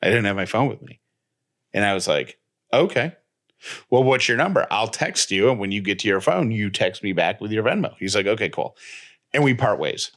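Brisk and fairly low-pitched, a podcast co-host recounts a tale casually. His retelling is animated, full of dialogue he acts out in quotes.

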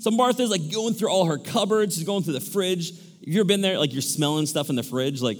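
Male pastor, fairly high voice, lively delivery that acts out characters, big church reverb. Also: quick pace. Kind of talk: sermon. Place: large church hall. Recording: echoey church hall.

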